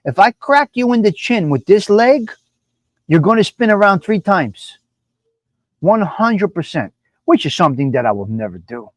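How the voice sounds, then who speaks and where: A man's voice: high voice, sing-song, moderate pace, dry recording. A man hosting a live stream from his apartment, swaggering and profane, repeating lines for emphasis. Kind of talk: brash casual live-stream chat.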